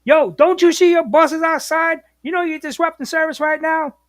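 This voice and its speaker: A man's voice: very high voice, fairly even intonation, moderate pace, a bit bright, dry recording, clean studio sound, voice pushed up. A man acting out an angry male bus dispatcher who barks and scolds. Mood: yelling. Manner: barking, scolding.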